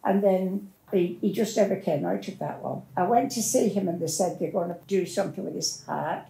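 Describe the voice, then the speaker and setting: A woman's voice: fairly low pitch, moderate pace, vocal fry, dark tone. An older woman, telling her life story in a plain-spoken, rambling way as an interviewee. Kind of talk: personal storytelling. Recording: roomy echo.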